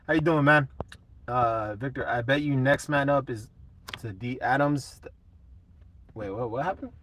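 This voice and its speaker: A man's voice: medium pitch, measured pace, fairly bright tone, a little hiss or hum. A young man hosting a casual live chat, laid-back and swearing a lot while answering comments.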